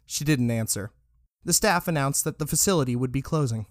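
Guy reading a story out loud, steady and even, mid pitch, dry close sound. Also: normal speed, no room sound. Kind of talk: storybook narration.

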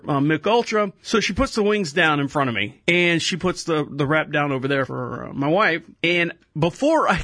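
A man tells a rambling story in a loose, casual way, cursing lightly and chuckling as he goes. His voice sits high and sounds bright and forward. It is recorded close and dry, with no room around it. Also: dry recording. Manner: rambling, self-amused, swears; laughs mid-sentence. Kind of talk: casual anecdote.

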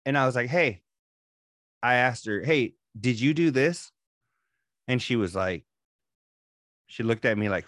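A man's voice: fairly low pitch, slow pace, long pauses, fairly bright tone, no echo, studio quality. A man in his thirties co-hosting a podcast, telling a story about his daughter in a casual, profanity-laden way. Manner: profane, storytelling, calls partner "dog". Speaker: podcast co-host. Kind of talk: casual chat.

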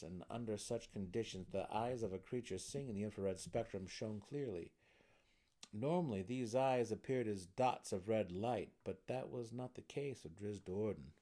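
A man narrating a fantasy novel as an expressive dramatic reading. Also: lowish voice.

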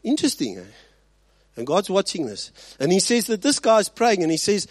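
A man preaching with a lively, swooping delivery, leaning hard into emphasis and then dropping to quiet asides. His voice sits a little high for a man and sounds close and dry. He keeps checking in with the congregation. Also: fairly quick, dry recording. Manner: animated preaching, swinging between loud emphasis and quiet asides; rhetorical check-ins with the congregation. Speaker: pastor. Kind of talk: sermon.

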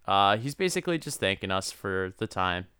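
Young guy cohosting a podcast, low-ish bright voice, super crisp and dry, keeps laughing and restarting. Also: sing-song, moderate pace, no room sound. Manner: laughs often, stammering restarts. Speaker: podcast co-host. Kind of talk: casual chat.

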